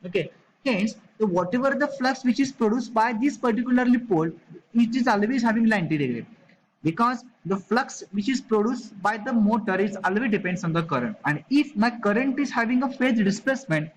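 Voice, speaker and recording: Man, Marathi accent, engineering lecturer, high-pitched, step-by-step explanation. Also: lively intonation, a little fast, slight background noise, rough recording. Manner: explains step by step with repeated "okay" and "as I said earlier". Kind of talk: classroom lecture on electrical machines.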